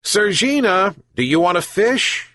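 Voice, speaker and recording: A man's voice: high-pitched, very animated, measured pace, pushed and bright, dry recording, studio quality, voice pushed up, heavily acted. A man voicing a kind old fisherman who calls out to his pets and pleads with them. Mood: calling. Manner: calling out, pleading.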